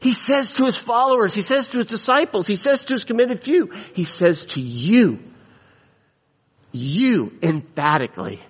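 A man's voice: high voice, animated, normal speed, slightly rough. A man preaching a sermon, emphatic, repeating phrases for stress. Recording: long hall reverb.

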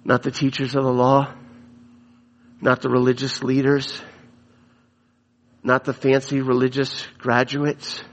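A man's voice: mid-range voice, monotone, measured pace, long pauses, lo-fi sound. A man preaching a sermon, emphatic, repeating phrases for stress. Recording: long hall reverb.

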